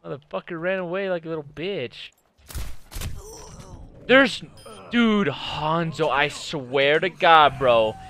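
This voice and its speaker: A young man raging and swearing through live gameplay commentary, yelling at opponents. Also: a little high, slow, long pauses, slight background noise. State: angry and agitated. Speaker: gaming streamer.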